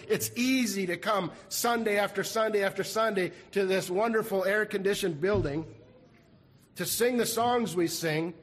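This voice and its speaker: A high-voiced man delivers an earnest sermon from the pulpit. He circles back to his key phrases again and again. His voice carries a long reverb through a large church sanctuary. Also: fairly bright tone. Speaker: pastor.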